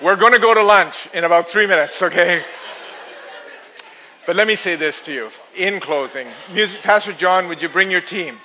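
Bright-voiced animated preacher man. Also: sits high, moderate pace, a little hiss or hum. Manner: animated storyteller, laughs at his own jokes. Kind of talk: sermon.

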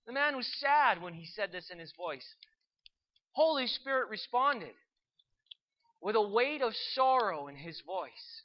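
A storyteller narrating a Christian story in an earnest, unhurried way, with asides to the listener. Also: mid-range voice, very animated, dull audio.

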